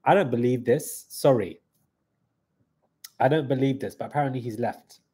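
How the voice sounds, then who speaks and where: Excitable husky young man. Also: mid-range voice, moderate pace. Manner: excitable hype talk, keeps saying "guys". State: stuffy nose. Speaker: live stream host. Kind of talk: live reaction commentary.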